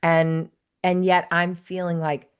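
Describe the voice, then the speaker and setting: A woman in her thirties guests on a podcast as a life coach. Her voice sits a little low, and she talks in an earnest, reflective way, sharing stories at a steady conversational pace. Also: takes it slowly, clear, resonant tone. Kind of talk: conversational interview.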